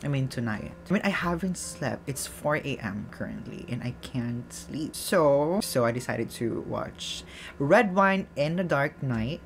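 A woman giving animated late-night movie reaction commentary at home, giggling and breaking into dramatic outbursts. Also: rumbling low, background noise. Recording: film music playing under the voice. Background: movie soundtrack music.

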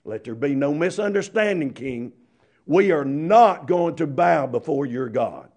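A man's voice: a little high, lively intonation, a little slow, a little mellow. A man voicing firm, defiant young believers. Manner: firm, declaring. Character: three defiant young Hebrew men.

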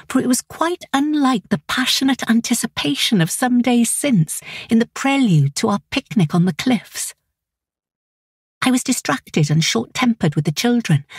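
A woman reading a first-person novel as an audiobook narrator, in an intimate, anxious and measured way. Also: a little high, breathy edge, no room sound, clean studio sound.

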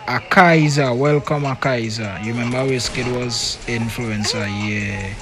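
A man's voice: mid-range voice, measured pace. Teasing male game streamer. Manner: animated, teasing, keeps tacking on "boy". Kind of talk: live gaming stream chatter. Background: music.

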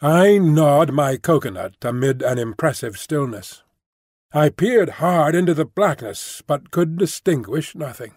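Male audiobook narrator, measured reading, somewhat high voice, dry close mic. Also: lively intonation, darkish tone, no room sound. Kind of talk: scripted narration.

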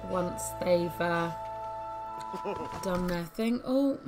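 Female let's-player, slow relaxed delivery, giggly chat, faint music underneath. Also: lowish voice. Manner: chatty, giggly, thinking aloud. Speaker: gaming YouTuber. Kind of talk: casual let's-play commentary. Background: faint game music.

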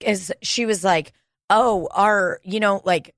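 A woman's voice: medium pitch, slow, no echo, studio quality. A woman co-hosting a podcast, telling a story in casual, profane chat. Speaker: podcast co-host. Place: podcast studio.

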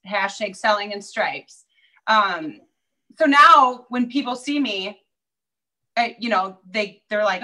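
A woman real estate agent chatting as an interview guest, telling stories in a lively way over a video call. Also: fairly high pitch, moderate pace, low-quality recording. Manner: chatty, storytelling. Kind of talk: casual interview chat.

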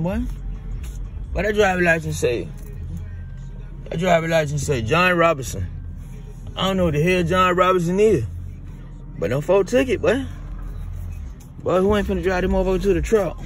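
A man's voice: sits high, moderate pace, pauses often, a bit bright, faint music behind. A man rambling through a comedic monologue from inside a truck, tacking "boy" and "shawty" onto his lines. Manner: rambling, drawling, peppers talk with "boy" and "shawty". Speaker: comedic character vlogger.

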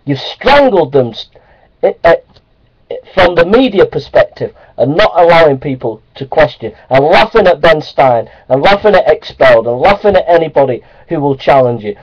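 A man's voice: a little high, normal speed. A man ranting angrily into his camera, repeating short indignant phrases. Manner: repeating short angry phrases, building up then calming down. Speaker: video blogger. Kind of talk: angry ranting monologue. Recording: dull lo-fi webcam audio.

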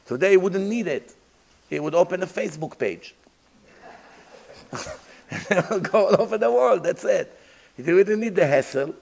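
A man's voice: sits high, animated, moderate pace, creaky, darkish tone, poor audio. A man, a rabbi giving a Torah lecture, emphatic and full of rhetorical questions, acting out imagined dialogues.

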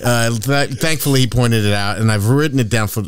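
A man hosting a casual comedy podcast, telling stories in a profane, excitable way with loud bursts. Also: mid-range voice, brisk, clear, resonant tone, no room sound, clean studio sound. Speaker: podcast host.

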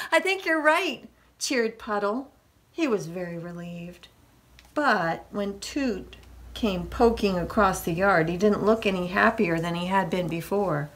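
A woman librarian reading a picture book aloud to children, expressive and coaxing as she invites them to join in. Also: lowish voice, unhurried.

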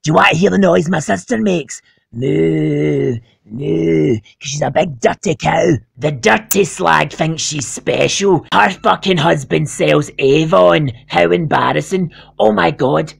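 A man's voice: a little high, a little slow, hardly any pauses, no echo, studio quality, exaggerated voice. A man with a Scottish accent voicing a foul-mouthed female animal who rants crude gossip about her sister. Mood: ranting. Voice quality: gravelly.

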